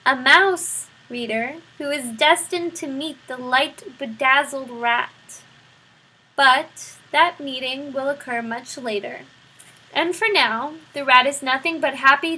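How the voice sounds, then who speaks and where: Female storybook reader, high bright slightly husky voice, expressive, talks to the listener. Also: rough recording. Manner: expressive, addresses the listener directly. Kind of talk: read-aloud children's novel narration.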